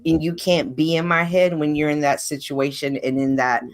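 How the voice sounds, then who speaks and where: A woman's voice: sits low, fairly even intonation, normal speed. Earnest woman telling a faith story. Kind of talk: casual conversation about faith. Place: live stream call.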